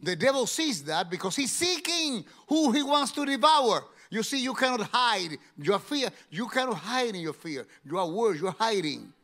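Pastor, male, high voice, emphatic preaching with loud bursts. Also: very animated, moderate pace, few pauses. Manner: emphatic, rising to loud exclamations. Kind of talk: sermon.

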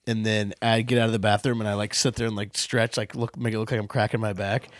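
A man's voice: lowish voice, level tone, quick pace, no room sound, studio quality. A young man co-hosting a comedy podcast, rambling through jokey stories. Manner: rambling, jokey, trails off into bits. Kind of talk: casual comedy podcast banter.

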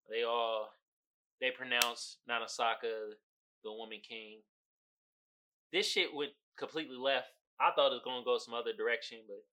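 A man hosting a podcast in a casual, comedic commentary style. He swears freely, laughs often, and swings from low mumbling to loud outbursts. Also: noisy background. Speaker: podcast host.

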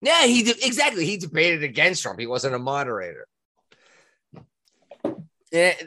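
Animated Massachusetts man co-hosting. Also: normal speed, a little hiss or hum. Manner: animated, swings to high pitch when worked up. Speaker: podcast co-host. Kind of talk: casual chat.

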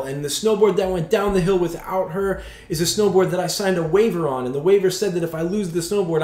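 A man in his forties preaching a sermon, telling a self-mocking personal story with lively humor. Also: a little high. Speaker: pastor. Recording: roomy hall echo.

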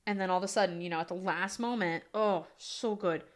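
A woman co-hosting a casual movie podcast, animated and quick to laugh as she acts out scenes. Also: fairly low pitch. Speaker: podcast co-host.

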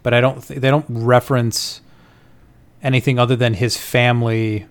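A man's voice: medium pitch, fairly even intonation, normal speed. A man chatting with friends on a podcast, rambling through film talk with frequent "like" and casual swearing. His voice sits in an ordinary middle register. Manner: loose and profane, lots of "like". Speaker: podcast co-host. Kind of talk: casual chat.

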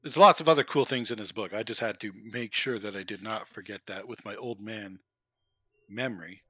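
A man's voice: on the low side, fairly quick, a bit bright, slightly rough, no room sound. A middle-aged man chatting casually about a wargame book, enthusiastic and rambling with many fillers. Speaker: co-host. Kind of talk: casual hobby chat.

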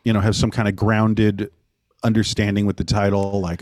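A man co-hosting a casual film podcast, laid-back and chiming in with quick reactions and observations. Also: lowish voice, a little mellow, no echo. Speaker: podcast co-host.

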